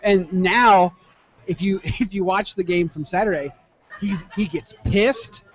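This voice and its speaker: A man's voice: sits high, unhurried. A man hosting a casual podcast, upbeat and teasing, laughing often as he asks questions. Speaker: podcast host. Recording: dull lo-fi podcast audio.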